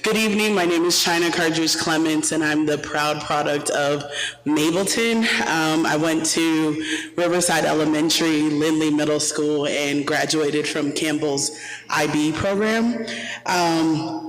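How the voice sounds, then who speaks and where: A man with a fairly high voice stands up to speak during public comment. He sounds upbeat and moves along quickly. The chamber adds a long reverb to his voice. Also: fairly bright tone. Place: council chamber.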